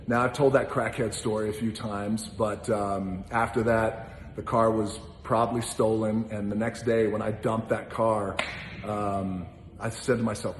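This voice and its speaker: A man's voice: on the low side, steady tone, normal speed, a little hiss or hum. A man casually telling an anecdote as a guest, acting out other people's lines and swearing freely. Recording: roomy hall with long reverb.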